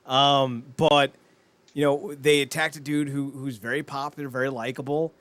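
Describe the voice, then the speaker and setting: A man co-hosting a podcast, excitable and mocking in casual chat. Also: mid-range voice, no echo. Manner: excitable, mocking, quick to laugh. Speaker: podcast co-host.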